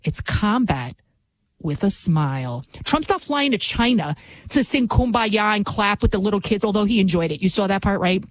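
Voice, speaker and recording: A woman's voice: mid-range voice, animated, moderate pace, low-quality recording. A woman giving an impassioned political monologue as a commentator, emphatic and repetitive, often tagging lines with a rhetorical "right?".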